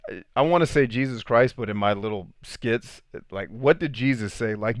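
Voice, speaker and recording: A man's voice: medium pitch, brisk, no room sound, studio quality. A man hosting a live podcast stream, reading comments and giving blunt, preachy opinions. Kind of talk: livestream chat.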